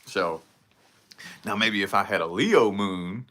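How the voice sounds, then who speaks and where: Talking casually to camera in a solo vlog, a man rambles and swears freely while picking apart his own habits. His voice is on the low side, slow and sharp-toned.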